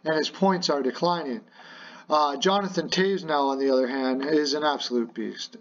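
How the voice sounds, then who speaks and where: On the high side and muffled, a man hosts his hockey podcast from home. His rumour show is casual, playful, and jokey, with rambling talk full of fillers.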